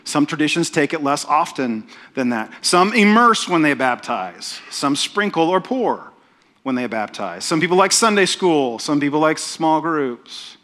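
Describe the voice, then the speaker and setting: A man's voice: on the high side, big pitch swings, a little slow, fairly bright tone. A middle-aged man, preaching a sermon as pastor in a conversational, self-deprecating way, often checking in with "right?". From Oklahoma, USA.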